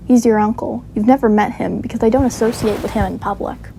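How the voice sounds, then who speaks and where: A woman voicing a rude, sharp-tongued mother at a funeral, blunt and snappy in her replies. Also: on the high side, fairly even intonation, fast, vocal fry, noisy background. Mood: snippy.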